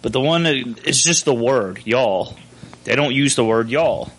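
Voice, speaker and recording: A man's voice: mid-range voice, animated, moderate pace, a bit bright. A man with a mild Southern US accent, co-hosting a podcast in casual, joking banter and laughing often. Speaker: podcast co-host.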